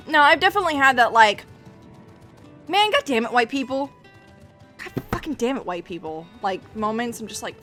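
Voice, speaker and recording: A woman's voice: on the high side, expressive, normal speed, long pauses, fairly bright tone, soft background music. A woman streaming a game, chatting casually to her viewers in a rambling, profane way, often restarting her sentences. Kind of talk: casual livestream chat while playing.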